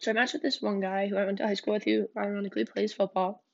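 Young woman with a gravelly vocal fry. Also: medium pitch, level tone, fast talker. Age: young adult. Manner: candid, blunt, swears freely. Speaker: podcast host. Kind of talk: casual storytelling podcast. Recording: dull lo-fi recording.

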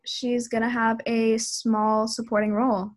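A young woman, a college student, co-hosting a casual podcast chat over a video call, eager and excitable. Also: a little high, a little slow. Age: young adult. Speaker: podcast co-host.

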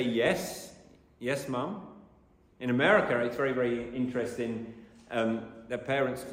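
A man preaching a sermon as pastor, earnest and emphatic, repeating his key phrases. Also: mid-range voice. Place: church. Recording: echoey church hall.

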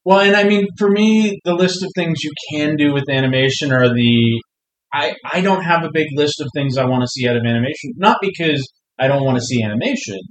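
A man giving his views in a casual comics chat, speaking in a thoughtful way and slowing down to stress his points. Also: on the high side. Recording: echoey room.

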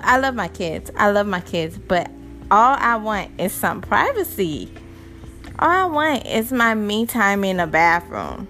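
A woman's voice: medium pitch, a little slow, soft background music. A young adult woman hosting her own podcast, telling exasperated stories about parenting with frequent laughter. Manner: animated, laughing, exasperated storytelling. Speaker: podcast host. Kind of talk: casual monologue.

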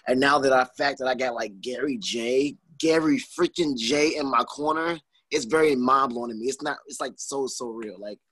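A young man, a wrestler guest, talking in a rambling, filler-heavy, excitable way in an interview. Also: mid-range voice, slightly rough, dry recording. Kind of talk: casual interview.

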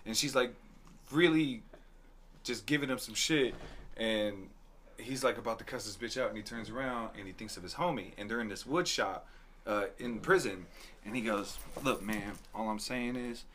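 A man chatting casually on a podcast, telling a story with lively acted-out dialogue and frequent laughs. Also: lowish voice, normal speed, slight background noise. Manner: animated storyteller, acts out dialogue, laughs often. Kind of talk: casual chat.

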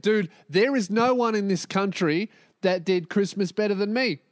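A young man hosting his own podcast, ranting and yelling in a profane, rambling comedic monologue that jumps between topics. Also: high-pitched, normal speed, no echo, clean studio sound. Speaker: podcast host. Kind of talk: solo comedic podcast rant.

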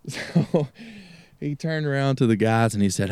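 A man's voice: on the low side, normal speed, mellow, no echo. A man, a country music artist, telling a road story as a guest in a casual chat, laughing often and acting out the voices of the people in it. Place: outdoor gazebo on a cold evening.

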